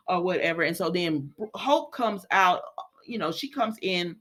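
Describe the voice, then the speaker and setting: A woman chatting casually as she recaps a soap opera, a lively storyteller who acts out the characters' lines. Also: medium pitch, brisk. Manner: chatty, lively storyteller acting out quotes in voices.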